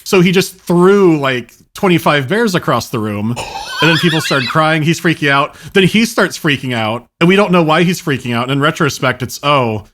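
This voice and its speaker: A podcast co-host with a slightly higher voice who recounts an old school story. His tone is easygoing and wry. He is a man chatting among friends. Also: animated, moderate pace, noisy background. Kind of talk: casual chat.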